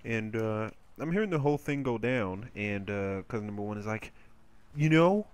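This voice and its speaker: A man's voice: on the low side, fairly quick, smooth. Rambling, crude male gameplay commentator. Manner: rambling, crude, animated storytelling. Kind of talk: casual storytelling over gameplay.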